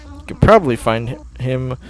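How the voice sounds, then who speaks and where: A man's voice: mid-range voice, expressive, normal speed, lightly acted. A man voicing a friendly raccoon shopkeeper in a game, giving chummy, instructive advice.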